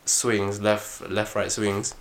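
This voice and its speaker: A young man, co-hosting a casual chat and telling long, animated, slangy stories. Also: on the low side, slow pace. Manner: animated, slangy, rambling storyteller. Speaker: podcast co-host.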